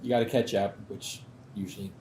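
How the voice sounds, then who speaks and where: A man telling a drinking story in relaxed, wry casual chat, with some swearing. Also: lowish voice, a little fast. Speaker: show regular. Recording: echoey room with faint background noise.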